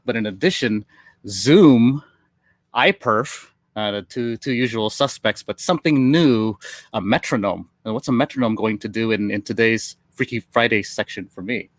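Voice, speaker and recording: A man's voice: fairly low pitch, normal speed, dry recording. Upbeat tech presenter man, dry sound. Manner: casual and upbeat, with fillers. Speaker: tech marketing engineer. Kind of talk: webinar presentation.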